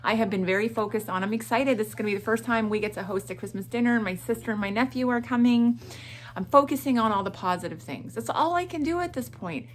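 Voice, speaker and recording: A middle-aged woman from Atlantic Canada chatting through a morning vlog in an animated way. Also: on the high side, quick pace. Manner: animated and chatty, with frequent laughs and self-talk asides. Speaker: vlogger.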